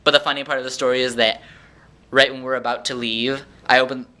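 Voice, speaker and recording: A man telling a rambling, animated story in a casual vlog, acting out the voices of the people in it. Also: mid-range voice, fast talker. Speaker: vlogger.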